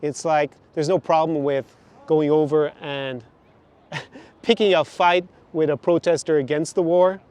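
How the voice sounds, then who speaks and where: A man with a slightly high voice talks through a video he is reacting to, critical and often sarcastic. His delivery swings between low asides and louder, pointed questions. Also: steady tone, a little slow. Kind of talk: reaction commentary.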